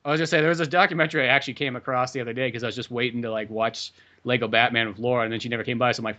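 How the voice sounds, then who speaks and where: A man's voice: mid-range voice, racing, pushed and bright, highs cut off. A man hosting a podcast in casual chat, rambling, swearing freely and acting out quotes in little voices. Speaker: podcast host.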